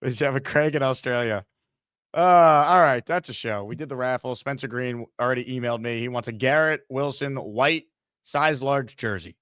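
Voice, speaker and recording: A man's voice: mid-range voice, normal speed, fairly bright tone, clear, resonant tone, no room sound, studio quality. A man hosting a sports talk show, brash and joking as he wraps up the episode. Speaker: host.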